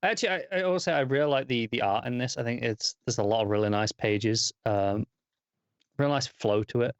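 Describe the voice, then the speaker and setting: A man's voice: medium pitch, brisk, clean tone, no echo. A man co-hosting a comics review podcast, chatting in an easygoing way with a few restarts. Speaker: podcast co-host. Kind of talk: casual comic review chat.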